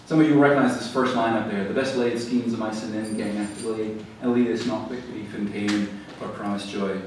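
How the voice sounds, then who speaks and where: A man giving a lively, conversational public lecture to a library audience, then taking questions. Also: on the low side, fairly quick. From American South. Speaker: author giving a library talk. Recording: roomy echo, distant mic, faint background noise.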